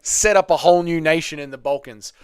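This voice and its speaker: A man's voice: fairly high pitch, fairly quick, clean tone, dry recording, clean studio sound. A man hosting a casual livestream Q&A, reading chat questions aloud and bantering back.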